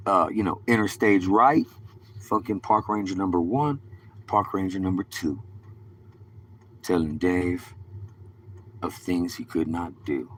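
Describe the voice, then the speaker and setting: A man's voice: deep voice, fairly bright tone, a little hiss or hum. A young man telling rambling stories on a live stream, full of cursing and street slang. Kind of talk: casual rambling storytelling.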